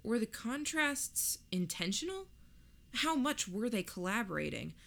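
A woman reading a first-person story aloud in a measured, reflective way. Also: fairly high pitch, big pitch swings, creaky, a bit bright. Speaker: narrator. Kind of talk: first-person audiobook narration.

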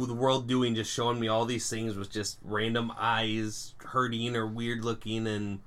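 A young man co-hosting a podcast, chatting casually and telling animated stories with puns. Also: lowish voice, measured pace, few pauses. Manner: animated storyteller, puns, laughs at own jokes. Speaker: podcast co-host. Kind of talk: casual chat.

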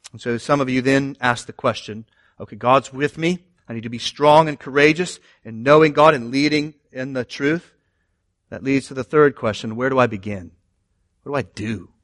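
A man preaching a sermon as pastor, animated, rising and getting louder on scripture quotes, with quick asides to the congregation. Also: medium pitch. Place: church.

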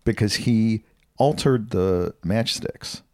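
This podcast co-host is a man with a lowish, darkish voice who speaks slowly. He chats casually while reading out strange news stories, laughing and tripping over his words.

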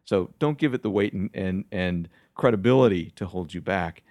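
A man who is a guest on a podcast in a music studio, speaking reflectively and haltingly, with many restarts. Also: fairly low pitch, lively intonation, a little mellow, no echo. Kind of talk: casual interview chat.

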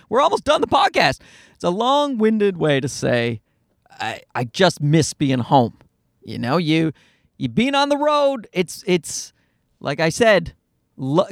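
Parked in a parking lot, a man alone on his podcast tells rambling stories about being a dad, cursing freely, animated, and making fun of himself. His voice sits high and sounds creaky, captured in studio quality with no room sound.

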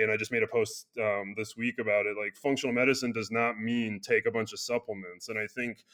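A chiropractor being interviewed, talking earnestly in a casual conversation with loose restarts and frequent fillers. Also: male voice, on the low side, bright, forceful tone. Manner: earnest, speaks in loose restarts with many "you know" fillers. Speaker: chiropractor and clinic founder.

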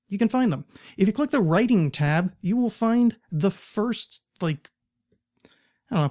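Guy hosting a podcast, rambly and jokey, slightly high voice, goofing through his plugs. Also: darkish tone. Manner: rambling, jokey, self-deprecating asides. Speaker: podcast host. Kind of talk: casual podcast intro with plugs. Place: Portland, Oregon.

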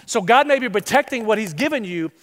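A man preaching a sermon as pastor, animated and acting out the voices he quotes. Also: high-pitched, fast, in a large hall.

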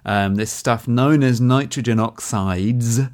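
A man's voice: medium pitch, slow pace, a little mellow. A man co-hosting a podcast, explaining a news story step by step in a casual chat, with many ums. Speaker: podcast co-host.

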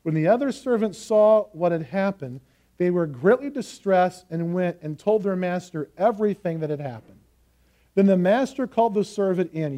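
A man preaching in an earnest, emphatic way, his voice sitting high for a man. The tone is mellow and soft-edged. He leans on key phrases, slowing down to drive them home. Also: animated. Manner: earnest, emphatic teaching with slow stressed phrases. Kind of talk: sermon.

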